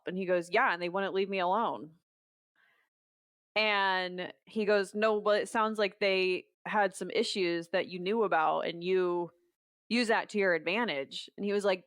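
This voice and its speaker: A young adult woman, a podcast guest, telling her story quickly and acting out quoted dialogue. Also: medium pitch, fairly bright tone, smooth, no room sound, clean studio sound. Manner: fast storytelling, quoting others in dialogue. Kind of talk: podcast conversation.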